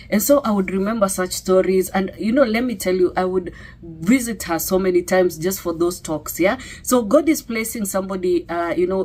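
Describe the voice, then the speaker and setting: A woman's voice: on the low side, darkish tone. A middle-aged woman with a Kenyan accent sharing a personal testimony in a conversational way, full of fillers and "okay?" tags. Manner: conversational, many fillers and tag questions.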